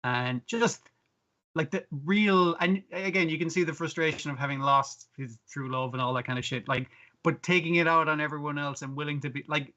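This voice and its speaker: A man co-hosting a podcast, casually recapping an anime episode with lots of swearing and animated retellings. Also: fairly high pitch, dull audio. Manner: animated, swears freely, acts out characters in quick bursts. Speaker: podcast co-host.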